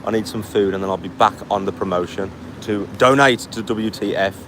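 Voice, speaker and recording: This man's voice sits on the low side and moves fairly quickly. Worn out from a long walk along a street, he reads viewers' chat messages and shoots back blunt, mocking replies, with faint street noise behind him during the casual live stream.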